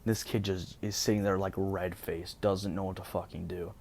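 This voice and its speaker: A young man casually recounting a personal story as a vlogger, animated and profane, rambling with lots of fillers. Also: low-pitched, normal speed, vocal fry, slight background noise.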